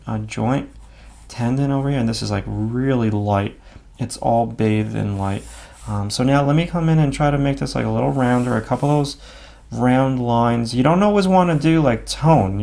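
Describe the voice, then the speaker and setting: A man giving a relaxed drawing lesson, talking through each stroke as he draws, with frequent fillers and self-critical asides. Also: mid-range voice, vocal fry. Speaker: drawing instructor. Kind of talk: casual instructional narration while drawing.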